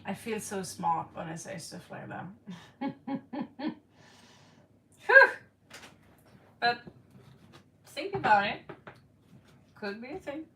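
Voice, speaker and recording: A woman's voice: fairly high pitch, big pitch swings, slow, long pauses, pushed and bright, reverberant, recorded from a distance, a little hiss or hum. A woman reading tarot on a live stream, playful, giggly and rambling, recorded in her own room. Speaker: tarot reader.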